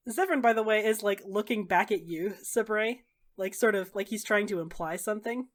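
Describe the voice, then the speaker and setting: A woman narrating a tabletop game as game master, laughing often and dropping in quick character voices. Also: medium pitch. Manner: laughs often, talks fast with many "like"s; brief character voices, then back to narration.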